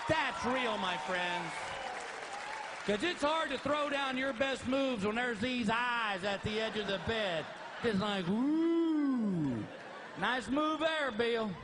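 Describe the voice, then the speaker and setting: A man's voice: very high-pitched, noisy background. A middle-aged man performing a stand-up comedy routine on a live stage, acting out the people in his stories. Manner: animated, acts out voices. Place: live venue with audience.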